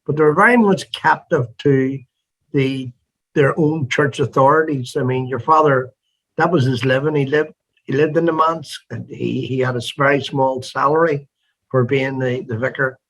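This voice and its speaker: Husky interviewer. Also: male voice, mid-range voice, steady tone, moderate pace, a bit bright, poor audio. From Northern Ireland. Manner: earnest, searching questions with restarts. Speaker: interview host. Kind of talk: conversational interview.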